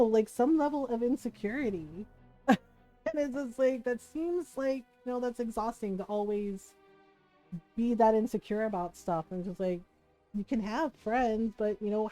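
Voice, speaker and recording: A middle-aged woman streamer tells a personal story in a casual, animated way. Her voice sits high, and she laughs often as she plays out the other people's lines. Faint game music plays underneath. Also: normal speed, rough recording. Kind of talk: casual storytelling while gaming.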